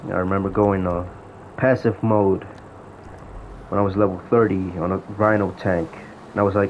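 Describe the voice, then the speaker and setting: A man's voice: low voice, fairly even intonation, normal speed, long pauses. A man ranting in a casual, profane storytelling way about old times in an online game. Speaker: gaming vlogger. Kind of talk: casual rant. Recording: dull lo-fi audio with faint noise.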